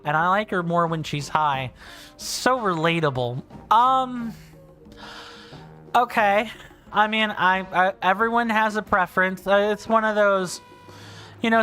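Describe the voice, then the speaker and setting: A man's voice: sits high, bright, forceful tone. Rambling man streaming a game. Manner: rambling and talkative, with restarts and thinking aloud. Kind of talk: casual livestream chat over gameplay.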